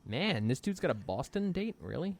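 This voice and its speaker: A man's voice: a little high, very animated, normal speed, background noise. A man co-hosting a podcast in casual chat, sarcastic and incredulous, swearing freely. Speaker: podcast co-host.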